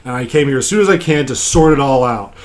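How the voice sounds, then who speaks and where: A man voicing a stern female commander of soldiers while recapping a tabletop game, talking in a brisk, commanding way. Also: medium pitch, expressive, close to an everyday voice.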